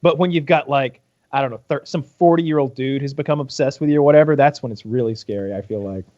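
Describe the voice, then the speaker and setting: A man's voice: medium pitch, fast, warm tone, dry recording, dull audio. A man co-hosting a podcast, rambling and repeating words in casual banter. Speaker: podcast co-host.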